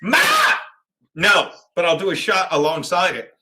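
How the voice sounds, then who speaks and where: Brief: raunchy fifties stream host, high-pitched and bright, rambling stories. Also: male voice, steady tone, normal speed. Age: 50s. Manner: crude, rambling, loud storytelling. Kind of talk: casual sports watchalong chat.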